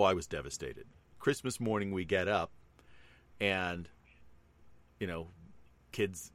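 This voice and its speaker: A middle-aged man with a very low voice, chatting casually as a host. He rambles through a personal story, filling gaps with lots of ums and you-knows. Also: fairly bright tone. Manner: rambling, with many fillers.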